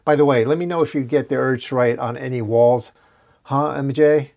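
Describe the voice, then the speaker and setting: A man's voice: mid-range voice, steady tone, moderate pace, gravelly, a little mellow, highs cut off, natural voice. A man voicing a wisecracking young male superhero in a comic recap, full of jokes. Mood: worried. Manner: joking, quippy.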